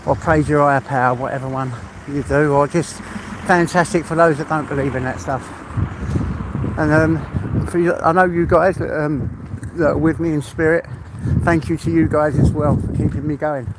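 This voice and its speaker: A man's voice: a little high, fairly even intonation, moderate pace, background noise. An older man, chatting casually and heartfelt on a live stream, rambling and laughing often. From England.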